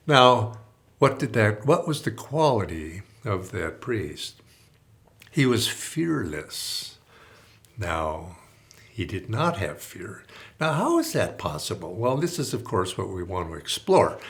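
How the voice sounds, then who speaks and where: A man giving a spiritual talk as a teacher, reflective and halting, with many restarts. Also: fairly low pitch. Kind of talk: spiritual talk with a storytelling part.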